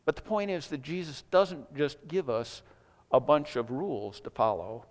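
A man preaching a sermon in a conversational, animated way, with casual asides to his listeners. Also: fairly high pitch, normal speed, long reverb tail. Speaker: pastor.

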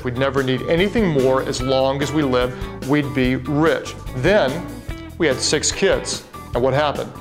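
A man, a pastor, speaking in a sermon video with punchy storytelling and repetition. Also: medium pitch.

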